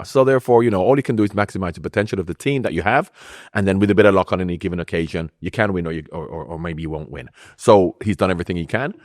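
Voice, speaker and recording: A man's voice: low voice, no echo, clean studio sound. A man in his sixties, a guest on a football podcast, talking in a teasing, wry way. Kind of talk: casual football podcast chat.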